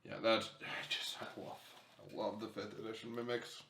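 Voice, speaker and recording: A man's voice: fairly low pitch, little pitch movement, moderate pace, fairly bright tone, a little hiss or hum. A man co-hosting a casual unboxing chat, enthusiastic and repeating himself often. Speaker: co-host reviewing miniatures. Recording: echoey room.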